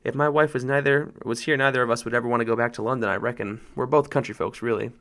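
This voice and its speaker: A man's voice: medium pitch, fairly even intonation, fairly bright tone. A man doing a humble working-class cabman. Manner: rough working-class speech, modest and slow. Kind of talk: audiobook narration.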